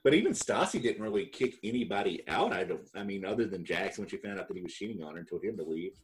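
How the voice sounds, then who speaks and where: A man's voice: low-pitched, lively intonation, fast talker. A man co-hosting a podcast, recapping a reality show in casual chat, rambling and correcting himself as he goes, laughing often. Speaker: podcast co-host.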